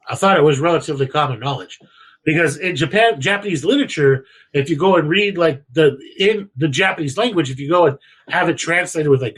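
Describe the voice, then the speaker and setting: A young man co-hosting a podcast in casual chat, rambling and crude, with vivid slang and lively bursts. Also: a little high, breathy edge, low-quality recording. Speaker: podcast co-host.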